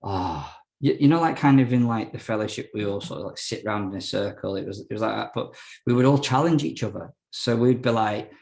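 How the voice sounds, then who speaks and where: Young man, podcast guest, low and gravelly, candid and rambling. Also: a little fast, a little mellow. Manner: rambling, frank, many fillers and restarts. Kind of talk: casual storytelling interview.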